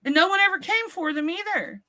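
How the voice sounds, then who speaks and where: A middle-aged woman co-hosting a podcast, telling a family story in an animated, swearing way and acting out the quotes. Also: extremely high pitch, brisk, dry recording. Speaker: podcast co-host. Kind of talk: casual storytelling chat. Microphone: podcast mic, remote stream.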